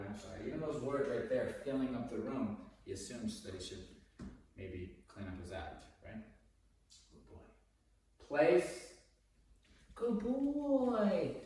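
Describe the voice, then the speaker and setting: A man working as a dog trainer, explaining his methods casually during a session and breaking into high, excited praise for the dog. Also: distant mic, slight background noise. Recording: echoey room, voice from off the mic.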